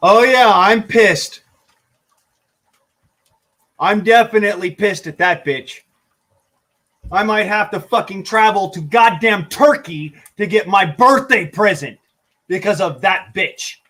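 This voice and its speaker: Angry high-voiced man ranting. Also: a little slow, sharp tone. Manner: heated, swearing constantly. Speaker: vlogger. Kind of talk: angry profane rant.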